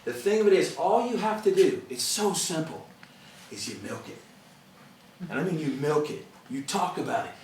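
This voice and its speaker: A man's voice: fairly high pitch, expressive, normal speed, a little mellow, distant mic, slight background noise. A middle-aged man giving an earnest, conversational motivational talk to an audience, laughing often. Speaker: motivational speaker. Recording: echoey room, speaker away from the mic.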